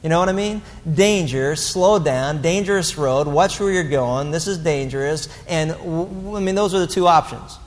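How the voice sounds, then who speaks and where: Male pastor with a high voice, preaching bluntly and animatedly in a reverberant church hall. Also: moderate pace, hardly any pauses. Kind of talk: sermon.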